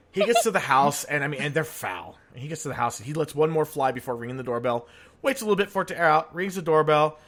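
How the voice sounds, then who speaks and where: Lively, bright-voiced man telling jokes. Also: a little high. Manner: laughs at his own jokes, animated storyteller. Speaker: podcast host. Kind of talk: casual joke-telling chat.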